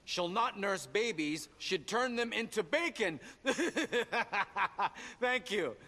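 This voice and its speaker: A theatrical old-time stage announcer, swooping high and bright as he plays to the room. His grand lines ring out with a long hall reverb from a theater stage. He hams up every word with wide rises and falls. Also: expressive, very slow, heavily acted. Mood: showy. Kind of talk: game character dialogue.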